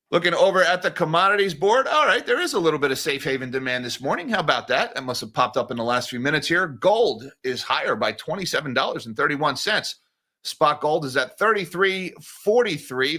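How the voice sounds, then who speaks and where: Bright-voiced, sarcastic market-news host. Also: male voice, mid-range voice. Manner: sarcastic, animated, jokey asides. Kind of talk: casual daily market commentary.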